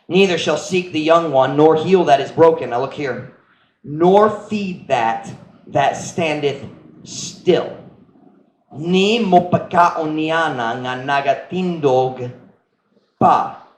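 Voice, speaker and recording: High-voiced pastor preaching in an echoey church. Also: male voice, slow, a little hiss or hum. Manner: switches between English and Cebuano, animated with stage demonstrations. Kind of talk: sermon. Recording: echoey church room with faint ambience.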